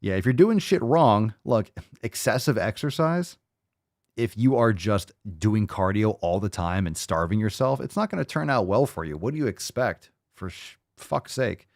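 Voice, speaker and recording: A man rants as a podcast host, mocking and blunt, swearing freely. His voice sits low but swings widely in pitch. The sound is close and dry. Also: expressive, normal speed, vocal fry, no room sound. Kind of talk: profane ranting commentary.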